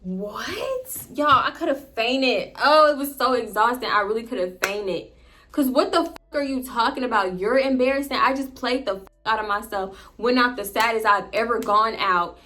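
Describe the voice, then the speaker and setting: A young woman narrating a personal storytime for her viewers, animated and expressive. She swears freely and keeps turning to the audience with "y'all.". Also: fairly high pitch, moderate pace. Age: young adult. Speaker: storytime vlogger. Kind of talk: casual storytelling to camera.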